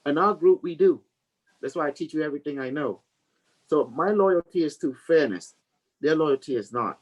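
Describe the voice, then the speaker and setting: A man speaking a little higher than most men, in a rambling, repetitive way. He hosts a casual teaching talk for his community and breaks into laughter often. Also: animated, moderate pace, low-quality recording. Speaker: community leader and host.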